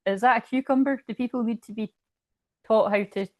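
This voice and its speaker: A woman's voice: on the high side, fairly even intonation, a little fast, darkish tone, no room sound. A woman doing casual live-stream chat as a spiritual reader, telling a rambling story full of swearing.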